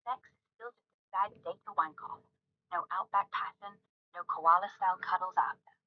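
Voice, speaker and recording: A woman's voice: lowish voice, muffled recording, lightly acted. A synthetic woman's voice playing a crude, foul-mouthed female AI chatbot that fires off raunchy banter. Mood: brash. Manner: brash, rapid-fire raunchy banter.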